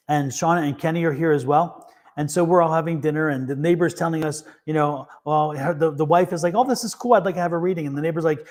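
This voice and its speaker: A man hosting a tarot reading show, telling stories casually with many restarts and laughs. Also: on the high side. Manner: rambling storyteller with many restarts and fillers; laughs easily. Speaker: tarot reader and show host. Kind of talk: casual live-stream chat.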